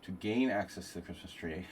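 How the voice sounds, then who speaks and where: A man's voice: low-pitched, fairly quick, a little hiss or hum. A man hosting a live chess stream, thinking aloud through move lines with rambling asides. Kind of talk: live-stream commentary while playing.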